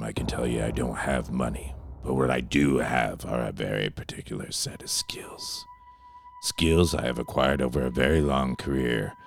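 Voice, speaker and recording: A man voicing a hot-headed older Irish action-movie star in a comedy sketch, growling lines and bursting into shouts. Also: a bass voice, creaky. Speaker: podcast co-host.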